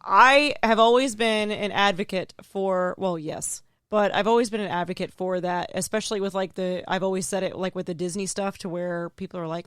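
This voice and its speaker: A woman's voice: medium pitch, fairly even intonation, normal speed, few pauses, fairly bright tone, clean tone, no room sound, studio quality. A woman co-hosting a casual group podcast, talking with gushing enthusiasm. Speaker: podcast co-host.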